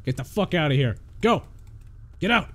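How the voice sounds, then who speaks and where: Young male streamer, lively up-and-down voice, sitting a bit high, swears a lot. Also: moderate pace. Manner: excitable, swearing, laughing reactions. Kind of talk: live gameplay commentary.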